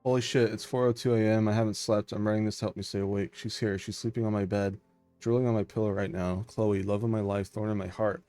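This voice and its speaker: A male streamer reading video game messages and journal entries aloud in a deadpan, flat delivery. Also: on the low side, quick pace, no room sound, faint music behind.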